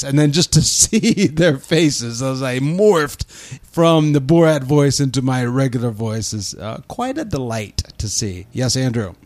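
A man's voice: medium pitch, expressive, unhurried, darkish tone, no echo, studio quality. A man hosting a podcast in casual chat, playful and jokey, now and then slipping into silly voices. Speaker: podcast host.

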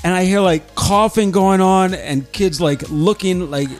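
A man hosting a book podcast, telling stories and introducing guests in a lively, casual way. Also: high-pitched, measured pace, over loud music. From Colorado. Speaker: podcast host.

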